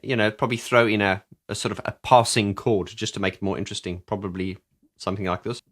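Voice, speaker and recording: Speaking fast in a fairly low, steady, slightly bright voice, a man reviews an album and explains its keyboard parts. His enthusiastic, casual commentary is full of restarts, and he sings along at times.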